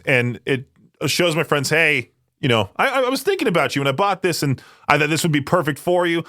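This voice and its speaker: A young man from Idaho talks casually as a radio DJ, rambling from one thought to the next and laughing often. His voice sits at an ordinary middle pitch, and the studio sound is dry and close. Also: fairly bright tone, dry recording. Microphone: studio microphone.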